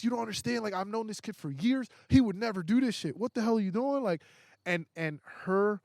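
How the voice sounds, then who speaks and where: A man's voice: high-pitched, darkish tone, dry recording, studio quality. A young man, a podcast guest, tells a story in casual, profane talk, acting out what others said and restarting his sentences often. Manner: profane, acts out quoted voices. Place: indoors, podcast recording.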